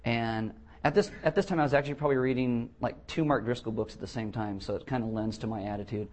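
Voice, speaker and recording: A man's voice: mid-range voice, fast talker. A man preaching a sermon as pastor of a church, telling blunt stories with jokes. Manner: blunt, joking storyteller. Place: church, before a congregation.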